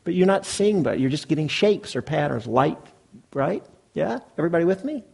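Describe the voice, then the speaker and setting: A man's voice: a little high, expressive, fairly quick, gravelly, darkish tone, husky. A man teaching meditation to a live group in a hall, explaining in a conversational way and often checking that the audience follows. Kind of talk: dharma talk to a live group.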